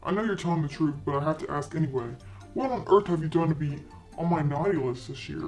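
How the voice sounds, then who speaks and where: A man's voice: on the high side, animated, fast, faint music behind. Santa Claus, a synthetic male voice playing a kindly old man. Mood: cheerful. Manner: kindly, patient, gently lecturing.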